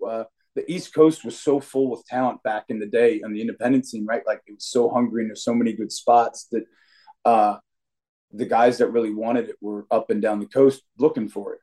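A man's voice: on the low side, warm tone. A young adult man, a wrestler being interviewed on a podcast, talking in a brash, cocky, trash-talking way. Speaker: wrestler guest.

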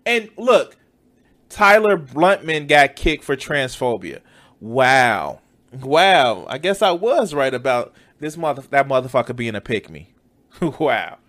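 Animated, mocking male reaction commentator. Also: fairly high pitch, normal speed.

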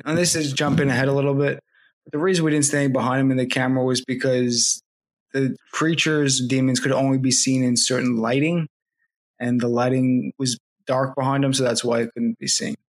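A man in a mid-pitched voice gives his views on a horror movie during casual podcast chat. He reasons things out carefully, filling his sentences with "like". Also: steady tone, a little fast. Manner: earnest, explains his reasoning with many "like"s. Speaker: podcast co-host. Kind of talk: casual chat reviewing a film.

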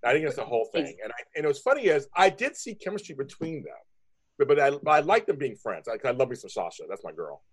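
A man's voice: mid-range voice, slightly rough. A man co-hosting a soap recap show in casual, gushing chat. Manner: animated, quick, gushing.

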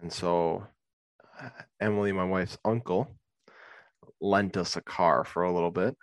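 Laid-back low-voiced man telling stories. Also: fairly even intonation, a little slow, no room sound. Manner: rambling storyteller, laughs often. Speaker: podcast co-host. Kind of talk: casual chat.

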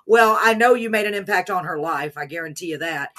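A woman's voice: lowish voice, a little fast, fairly bright tone. A woman hosting a podcast interview, effusive and emotional, often praising God in a folksy way. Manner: folksy, says "y'all". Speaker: podcast host. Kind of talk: casual interview chat.

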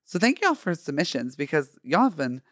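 Low-voiced giggly woman host. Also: big pitch swings, no echo, studio quality. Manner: giggly, quick, joking. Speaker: podcast host. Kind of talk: casual chat.

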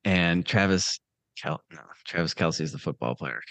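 A man's voice: deep voice, moderate pace, fairly bright tone, dry recording. A man hosting a podcast, chatting casually in a rambling, profane and teasing way. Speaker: podcast host. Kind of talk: casual chat.

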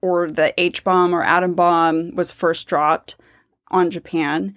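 A woman's voice: lowish voice, flat delivery, slow. Thoughtful woman podcast co-host. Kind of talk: casual book discussion.

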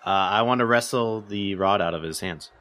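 A man's voice: fairly low pitch, moderate pace, bright, forceful tone. A man playing in a tabletop game, dry and laid-back. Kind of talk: casual gaming chat.

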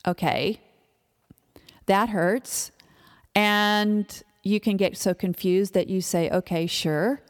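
A woman's voice: medium pitch, steady tone, takes it slowly, pauses often, clean tone. Woman giving parenting advice in a hall. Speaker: parenting speaker. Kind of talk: instructional talk to parents.

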